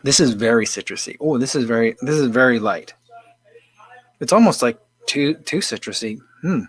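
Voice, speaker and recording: A man's voice: mid-range voice, animated, moderate pace, breathy edge, dry recording. A man hosting a casual livestream, chatting in an easygoing, rambling way with lots of fillers and restarts while reading viewer comments. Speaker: livestream host.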